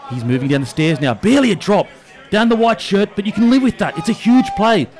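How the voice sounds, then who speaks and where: A man with an Australian accent doing parody sports commentary, getting excited and building up to shouts. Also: high-pitched, a little fast, a faint crowd.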